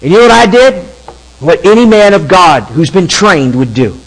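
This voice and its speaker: A middle-aged man preaching a storytelling sermon in an animated, halting way with frequent restarts. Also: sits high, poor audio.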